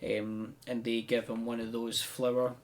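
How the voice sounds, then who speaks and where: A man's voice: medium pitch, completely flat delivery, measured pace. Chatty man recapping a show. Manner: chatty storyteller with frequent "um" and "like". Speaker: podcast co-host. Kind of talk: casual chat, recapping a wrestling show.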